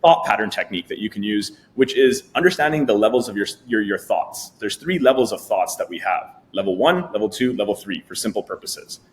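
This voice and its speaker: A man appearing as a coaching guest who explains a thinking technique with animated delivery, acting out voices in his examples. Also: on the low side, brisk, hardly any pauses.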